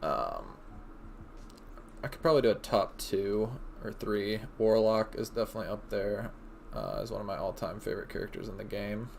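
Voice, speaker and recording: Give me a laid-back man chatting on a stream, gravelly, with faint noise behind him. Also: fairly low pitch, expressive, moderate pace. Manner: laid-back, rambling with many fillers. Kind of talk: casual stream chat.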